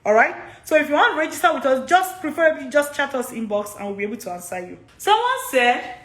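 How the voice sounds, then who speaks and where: A woman's voice: high-pitched, very animated, fast talker, fairly bright tone, roomy sound, faint music behind. A woman with a Nigerian accent coaching on study abroad in a live Q&A, chatty, laughing often and repeating herself. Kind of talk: live social media Q&A.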